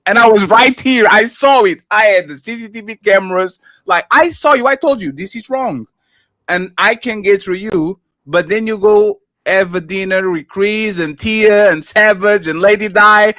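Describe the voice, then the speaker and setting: A man with a high, bright voice, recorded dry and close. On a podcast he argues his case and acts out what other people say as he tells a story. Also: normal speed, dry recording. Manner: tells stories by acting out other people's lines. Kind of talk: casual podcast debate.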